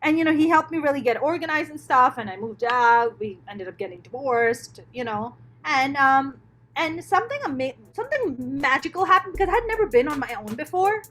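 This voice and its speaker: A middle-aged woman, a stand-up comedian, telling her life story as a podcast guest in a candid, profane, animated way. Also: high voice, a little fast, a little hiss or hum. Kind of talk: casual interview storytelling.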